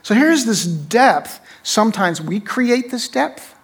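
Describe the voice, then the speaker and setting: High-voiced middle-aged man preaching. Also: lively intonation, slow, husky. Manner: conversational storytelling, repeats phrases, checks in with "right?". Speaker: pastor. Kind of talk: sermon.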